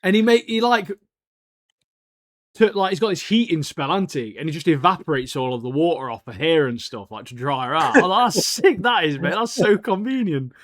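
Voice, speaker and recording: In clean studio sound without echo, a man with a high, slightly bright, animated voice co-hosts a podcast at a moderate pace. His jokey, relaxed banter covers anime and TV, and he ends phrases with "mate."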